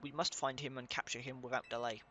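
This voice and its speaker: A man's voice: mid-range voice, flat delivery, fast talker, sharp tone, slight background noise. A young man giving casual commentary while reading game text aloud, swearing now and then and stumbling over hard names. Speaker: let's play gamer.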